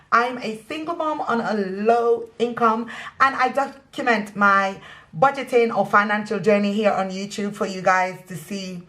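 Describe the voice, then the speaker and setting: A woman's voice: medium pitch, bright, forceful tone. A young woman with a Caribbean accent, chatting casually to camera about her budget, sassy and playful, slipping into patois. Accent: Caribbean, West Indian patois in places. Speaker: budgeting vlogger.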